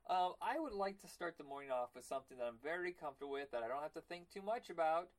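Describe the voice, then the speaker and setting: A man hosting a podcast in a casual chat, rambling and excitable, often slipping into cartoon voices. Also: fairly high pitch, fast talker. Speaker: podcast host.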